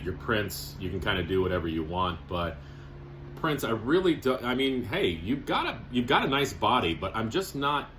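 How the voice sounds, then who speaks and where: Chatty man with a bright voice. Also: fairly low pitch, slight background noise. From Canada. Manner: chatty, joking, fond of strong language. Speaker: record collector vlogger. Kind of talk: casual talk to camera.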